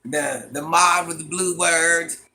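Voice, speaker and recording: A man's voice: fairly high pitch, steady tone, slow, bright, forceful tone. A man hosting a casual livestream in a granny persona, chatty and dramatic, greeting viewers by name and repeating lines for effect. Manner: chatty, dramatic, calls viewers "child" and "honey bun".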